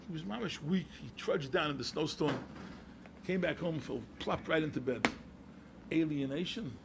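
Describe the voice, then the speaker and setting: A man, a rabbi telling stories to an audience in an animated way, repeating phrases and mixing in Yiddish and Hebrew words. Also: a little high, moderate pace, gravelly, background noise. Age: 70s. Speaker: rabbi and yeshiva head. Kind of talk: storytelling talk to an audience.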